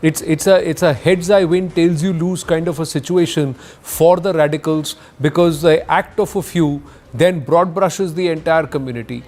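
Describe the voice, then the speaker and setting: A man anchoring a news debate, measured and pausing with fillers. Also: a little high, fairly even intonation, a little mellow.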